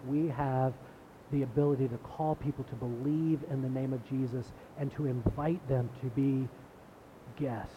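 A man's voice: mid-range voice, highs cut off, a little hiss or hum. A man giving a sermon as pastor, in a conversational preaching style that repeats words and builds emphasis.

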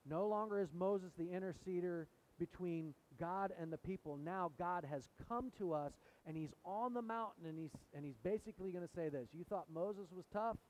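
A man's voice: high-pitched, moderate pace, few pauses, rough recording. A man preaching a sermon in a church, asking the congregation questions as he goes. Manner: animated, asks the congregation questions. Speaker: pastor. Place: church sanctuary.

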